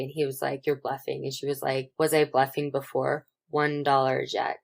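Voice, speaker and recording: Low-voiced woman on a podcast, swearing while she recaps a movie. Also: normal speed, creaky, hardly any pauses. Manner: animated retelling, swears freely. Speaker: podcast co-host. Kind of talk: casual chat recapping a film.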